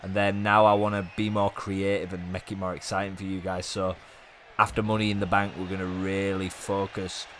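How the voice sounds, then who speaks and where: Low-voiced man doing casual game commentary. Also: moderate pace, a little hiss or hum. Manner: chatty, rambling, bursts of excitement at big moves. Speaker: gaming video host.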